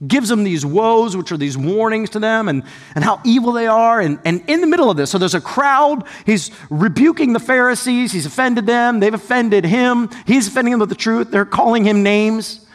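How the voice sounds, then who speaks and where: A male pastor preaches in a high, lively voice that leaps up and down as he tells the story. He talks to the congregation casually, breaking into sudden shouts and joking asides. His voice rings with the long reverb of a church hall. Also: moderate pace. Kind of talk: sermon.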